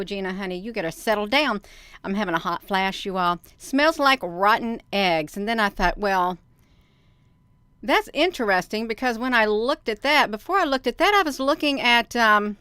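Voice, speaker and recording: A woman's voice: fairly high pitch, a bit bright, clean tone, no room sound. A woman hosting a casual livestream, chatting and rambling to her viewers. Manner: chatty, rambling, addresses viewers as "you all". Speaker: livestream host.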